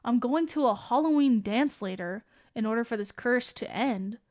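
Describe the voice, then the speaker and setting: A woman's voice: on the high side, lively intonation, normal speed, darkish tone, lightly acted. A woman voicing a blunt, down-to-earth teenage schoolgirl who sounds exasperated and plain-spoken. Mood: realizing.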